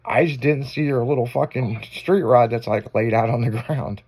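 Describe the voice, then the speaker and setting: A man's voice: mid-range voice, normal speed, darkish tone, husky. A man hosting a casual afternoon radio show, telling a story with lots of swearing and acted-out quotes.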